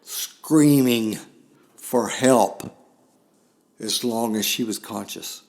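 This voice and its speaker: An older man hosting a podcast, telling a solemn personal story in a slow, grave way with long pauses. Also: medium pitch. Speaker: podcast host.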